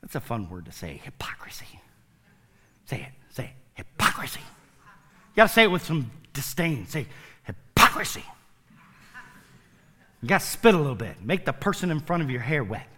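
A man preaching a sermon to his church, swinging from loud to hushed and turning playful in asides to the congregation. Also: medium pitch, sing-song, a little fast, long reverb tail, crowd noise. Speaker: pastor. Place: church sanctuary.

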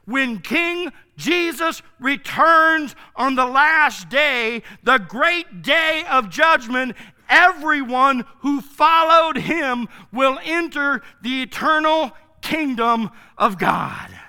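A man preaching a sermon as pastor, slow and emphatic, stretching key words. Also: extremely high pitch, animated, pushed and bright.

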